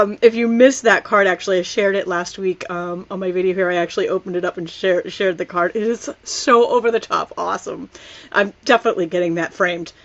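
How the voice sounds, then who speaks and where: A woman's voice: mid-range voice, steady tone, a little fast, fairly bright tone, muffled recording. A middle-aged woman chatting casually on a live stream from her home, upbeat and rambling, laughing often. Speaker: card-making instructor. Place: home family room.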